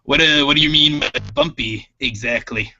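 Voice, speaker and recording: A man voicing a gruff, four-armed male alien mechanic boss in a tabletop space game, hearty with friends and bossy with his crew. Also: fairly high pitch, normal speed, bright, forceful tone, highs cut off. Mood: curious. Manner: hearty, then bossy and scolding.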